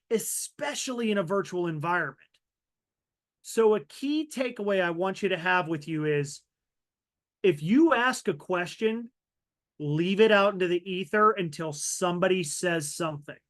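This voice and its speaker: High-voiced animated man presenting a webinar. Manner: animated, varies loudness and pace for emphasis. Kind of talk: virtual training talk.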